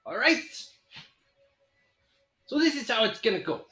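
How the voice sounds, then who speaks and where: A man's voice: very high-pitched, big pitch swings, measured pace, sharp tone, echoey room, faint music behind, pitched above the performer's own voice, heavily acted. A man voicing a small, scheming male kobold who acts as a mob envoy, with a brash mobster swagger. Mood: bossy.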